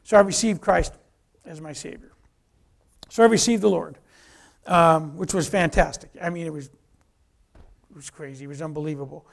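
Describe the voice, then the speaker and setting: A man giving a personal testimony as an animated story, acting out dialogue and restarting often. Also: fairly high pitch, normal speed, vocal fry, long pauses.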